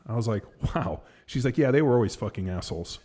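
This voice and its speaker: A man's voice: mid-range voice, lively intonation, fast talker, warm tone, slightly rough. A man hosting a podcast, telling a story in a loose, rambling way, full of fillers and casual swearing. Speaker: podcast host. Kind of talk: casual chat.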